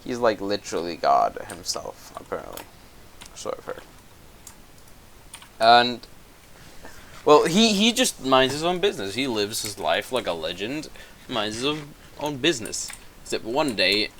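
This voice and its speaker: A young man with a lowish voice rambles through a comedic plot recap, cursing freely and doubling back to fix his own mistakes. Faint keyboard clicks and typing tick along behind him. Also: big pitch swings, a little slow, long pauses, a bit bright, slight background noise. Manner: profane, rambling, self-correcting. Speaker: gaming commentator. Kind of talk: rambling comedic plot retelling while gaming.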